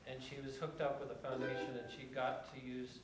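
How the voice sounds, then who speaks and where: A man playing violin live, chatting casually between tunes in a halting way with many fillers. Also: mid-range voice, level tone. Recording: echoey room with instrument music.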